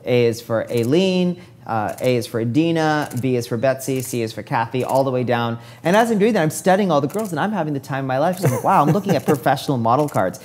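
A man's voice: mid-range voice, fast talker, few pauses. A man in his forties, a hair stylist telling his career story in a casual interview, acting out what people said along the way. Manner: lively storyteller who acts out quoted dialogue.

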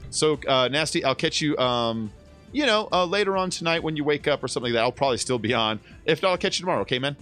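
Faint music sits behind a man in his thirties who is streaming a game from home. His voice is on the high side and a bit bright, quick and lively in intonation, as he rambles easily and swears a lot.

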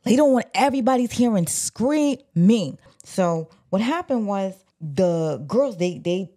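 A woman casually retelling an old scandal from a book, animated and slangy, talking straight to her viewers. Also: mid-range voice, a little slow. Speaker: book commentator. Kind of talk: casual storytelling.

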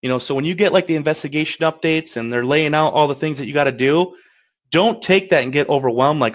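A man with a fairly high voice coaches a webinar in an upbeat, encouraging tone, chatting and checking in with "right?". The audio is dull and lo-fi. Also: fast. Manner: upbeat, encouraging, conversational, often asks "right?". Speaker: credit repair coach. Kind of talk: webinar presentation.

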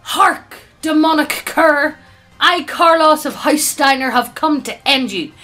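Proud archaic knight calling out a demon, played by a woman; grand, high, bright. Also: measured pace, soft background music. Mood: defiant. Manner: grandiose old-fashioned challenges.

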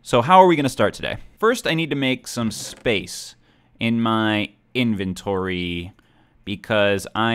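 A man's voice: lowish voice, smooth. A young man hosting a gaming channel, chatting through his gameplay in a rambling, self-deprecating way. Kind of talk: video game commentary.

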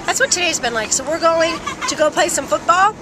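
A woman's voice: very high-pitched, expressive, a little fast, a crowd in the background. A middle-aged woman and mother chatting casually and animatedly in a family vlog. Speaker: vlogger and mother. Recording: loud background noise.

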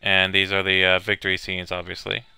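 A man's voice: low voice, completely flat delivery, a little fast, vocal fry, pushed and bright, clean tone, dry recording. A man giving casual let's-play commentary, hesitating with many fillers and reading on-screen text aloud. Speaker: gamer playing a video game.

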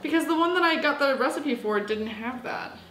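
A chatty, goofy woman from the United States talks her way through a recipe in her home kitchen. Her voice sits a little high, and the kitchen gives it a clear echo with faint noise behind. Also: expressive, a little fast, a bit bright. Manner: chatty, goofy, talks to herself while cooking. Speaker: vlogger. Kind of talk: casual cooking vlog.

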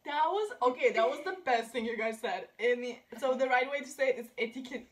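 A woman's voice: high voice, brisk. A young woman hosting a casual vlog, patiently correcting pronunciation and giggling often. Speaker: host teaching German words. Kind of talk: casual chat.

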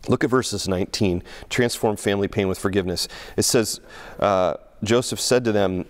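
A middle-aged male pastor preaching a conversational sermon, often restarting and repeating words, and acting out quotes in a raised voice. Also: normal speed. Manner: acts out quoted speech with raised pitch.

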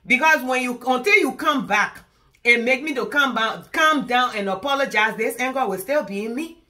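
A woman's voice: high-pitched, expressive, normal speed, bright, forceful tone. A woman from Liberia, a comedian, performing a comic one-sided phone call in which she indignantly scolds her partner and argues in circles.

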